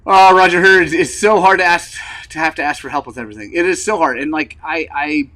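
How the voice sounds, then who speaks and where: A man hosting a motorcycle channel in casual rambling vlog chat, frank and frustrated, with lots of fillers and throat clearing, recovering from an injury. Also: on the high side, brisk, pushed and bright, low-quality recording. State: recovering from injury, wearing a brace.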